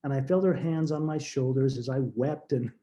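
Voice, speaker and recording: A middle-aged man, appearing as a guest on a podcast, recounts a deeply personal story with a dark tone. He speaks earnestly but haltingly, repeatedly restarting what he says.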